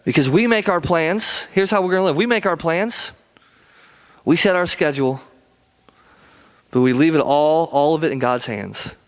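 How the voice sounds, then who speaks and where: A man's voice: on the high side, normal speed, pauses often. A man preaching a sermon in a conversational way, often stumbling over and repeating words. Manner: conversational preaching with frequent stammered restarts. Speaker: pastor.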